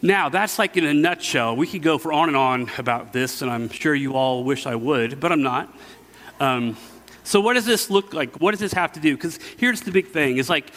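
A man's voice: on the high side, moderate pace, fairly bright tone. A middle-aged man preaching a casual sermon, telling stories with many fillers and restarts. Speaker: pastor. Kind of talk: conversational sermon. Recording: long hall reverb.

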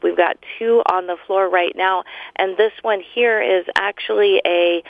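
A woman, a store owner giving a friendly sales pitch in a promotional interview, listing products and prices. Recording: phone line, very dry.

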